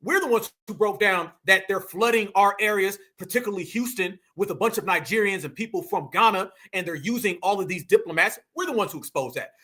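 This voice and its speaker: A man's voice: sits high, a little fast, few pauses. A man hosting a fiery commentary monologue, emphatic and preachy, calling his viewers fam. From New York. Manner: emphatic, preachy, animated, addresses audience as fam. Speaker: political commentary host.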